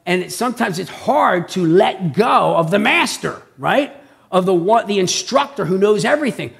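A man preaches in a high voice that carries a gravelly edge of vocal fry. He keeps the sermon conversational and animated, tossing "okay?" and "right?" to his listeners as he goes. He sounds like he is explaining things to the people in front of him rather than reading a text. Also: normal speed.

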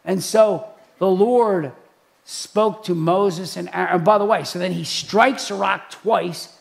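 A man preaching in a chatty way, telling stories with lively acted-out voices. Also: sits high, unhurried, creaky. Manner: animated storytelling, acts out quoted voices. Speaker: pastor. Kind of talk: preaching talk.

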